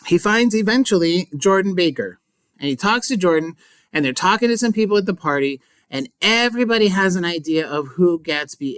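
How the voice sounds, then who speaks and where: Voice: medium pitch, a bit bright, smooth, no echo. A teacher giving a casual, chatty recap of a book chapter, full of asides and playful remarks. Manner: playful, mock-dramatic. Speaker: English teacher.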